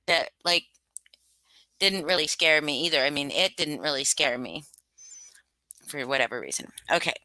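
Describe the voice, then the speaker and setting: A woman chats casually with her livestream viewers, rambling and self-conscious, full of fillers. Her voice is low but bright and forward. The tone is smooth and crisp. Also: dry recording. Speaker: livestream host reading stories.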